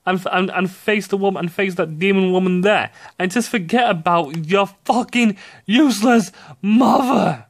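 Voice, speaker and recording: Man, high voice, young adult, ranting game commentary, swears a lot, loud outbursts. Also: moderate pace. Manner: excitable, swears often, sudden shouty outbursts. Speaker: gaming commentator.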